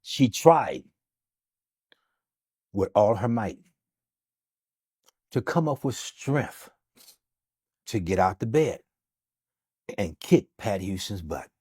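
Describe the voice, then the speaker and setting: A man's voice: lowish voice, animated, takes it slowly, pauses often, a little mellow, breathy edge, no echo, clean studio sound. A man who is a doctor, telling an emphatic, dramatic story in an interview and acting out what people said. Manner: dramatic, emphatic, acts out quotes. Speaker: guest, doctor. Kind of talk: animated storytelling.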